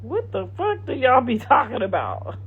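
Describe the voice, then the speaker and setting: A woman's voice: on the high side, wildly swooping pitch, normal speed, slightly rough. A middle-aged woman hosting a livestream, chatting casually and reading comments in a blunt, profane, sassy way. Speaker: livestream host. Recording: dull lo-fi livestream audio.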